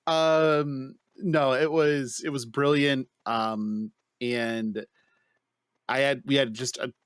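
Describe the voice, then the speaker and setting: A man co-hosting a podcast, telling a story in casual chat with animated, profane delivery. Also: mid-range voice, takes it slowly, clear, resonant tone, no room sound, clean studio sound. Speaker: podcast co-host.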